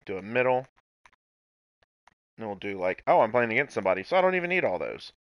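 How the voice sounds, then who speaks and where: A man's voice: on the low side, sing-song, fast, no echo, dull audio. A man casually commenting on his own gameplay, playful and talking to himself with sudden outbursts. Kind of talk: casual let's-play commentary.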